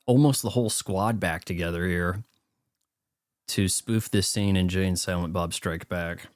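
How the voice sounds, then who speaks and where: Sarcastic low-voiced man riffing on a movie. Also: a little slow, dry recording, studio quality. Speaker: film commentator. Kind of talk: casual movie watch-along commentary.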